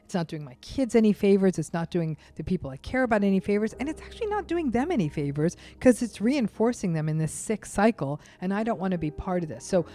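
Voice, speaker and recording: A woman guest expert explaining narcissism in an interview, speaking emphatically and acting out quick quoted asides. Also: medium pitch, very animated, warm tone. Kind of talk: interview conversation.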